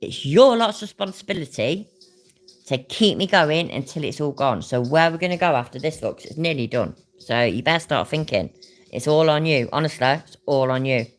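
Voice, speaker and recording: A woman's voice: low-pitched, animated, normal speed. A woman hosting a livestream, chatting casually, swearing and laughing as she drinks. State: drinking while talking. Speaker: livestream host. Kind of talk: casual chat.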